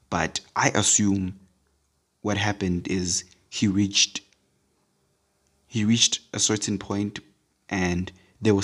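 A man giving a casual devotional talk to Christians, rambling and repeating words with lots of fillers. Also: sits low. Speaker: podcast speaker.

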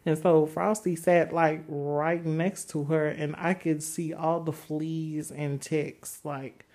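A woman's voice: low-pitched, slow pace, few pauses. A woman co-hosting a comedy podcast, telling a story casually in slangy speech and often laughing as she goes. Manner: laughs through her stories, slangy and animated when quoting. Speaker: podcast co-host.

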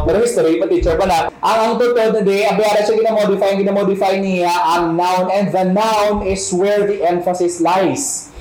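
A man with a Filipino accent delivers a teaching sermon, breaking down words one at a time and posing questions that he then answers himself. His voice sits fairly high for a man. The room around him is echoey. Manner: explains word by word, asks and answers his own questions. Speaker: preacher.

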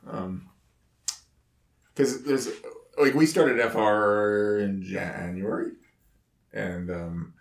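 Casual podcast host, male, low gravelly voice, loose and rambling, echoey room. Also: very slow, pauses often. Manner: relaxed, rambling, laughs between words. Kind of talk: casual chat.

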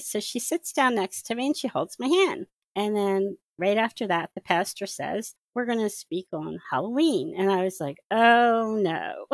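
A woman guest recounting her past as a witch in casual storytelling, animated and laughing often as she acts out her own thoughts. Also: mid-range voice, no echo. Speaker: interview guest, former witch. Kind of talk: personal testimony, casual storytelling.

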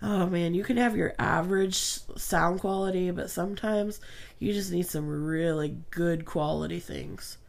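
Girl with a cold on a podcast, super croaky gravelly voice, playful and chatty. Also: lowish voice, steady tone, moderate pace, a little mellow. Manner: playful and bubbly. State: hoarse from a cold. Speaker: co-host. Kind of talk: casual chat.

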